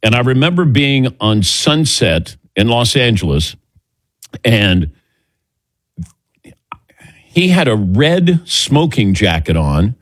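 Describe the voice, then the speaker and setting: Joking sports radio host, dry studio. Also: male voice, mid-range voice, big pitch swings, takes it slowly, pauses often, no echo. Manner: loose, joking, tosses to crew by name. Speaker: sports talk show host. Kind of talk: casual radio show chat. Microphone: studio microphone.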